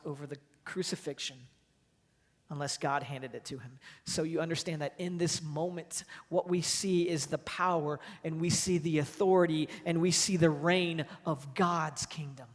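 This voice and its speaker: A man's voice: fairly high pitch, fairly even intonation, normal speed. A man preaching a sermon as pastor to his church, emphatic and driving his points home with repeated phrases. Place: church sanctuary. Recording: long hall reverb.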